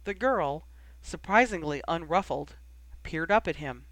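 A reader narrating a fan fiction audiobook in a measured, expressive way. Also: mid-range voice, no room sound.

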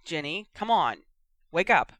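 A narrator voicing a panicked young man pleading with and shouting over his unconscious girlfriend, read as a fiction audiobook. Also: medium pitch, expressive, moderate pace, no echo, dull audio.

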